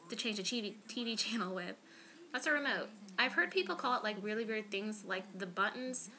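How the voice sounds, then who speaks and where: A woman's voice: medium pitch, bright, forceful tone. A woman from Florida chatting casually to camera in a rambling, self-deprecating way, full of "um" and "like.". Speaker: vlogger.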